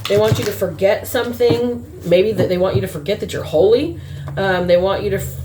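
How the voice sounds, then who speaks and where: A woman's voice: mid-range voice, background noise. A woman doing a casual spiritual reading who muses aloud and spells words out letter by letter. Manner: musing, spells out letters slowly. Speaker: spiritual reader. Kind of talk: casual word-game reading.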